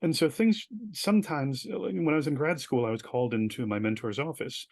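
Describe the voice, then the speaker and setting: A middle-aged man, a professor and theater artist, telling stories as an interview guest and acting out quoted dialogue in lively bursts. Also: medium pitch, a little fast, creaky, no echo. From United States. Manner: animated, acts out quoted dialogue in bursts, self-deprecating. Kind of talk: conversational storytelling in an interview.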